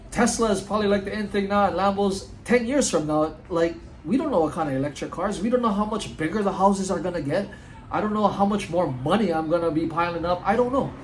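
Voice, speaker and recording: A man's voice: sits high, a little hiss or hum, low-quality recording. A man giving an earnest, casual motivational talk outdoors at home, often saying "dude" and "like". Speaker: motivational vlogger.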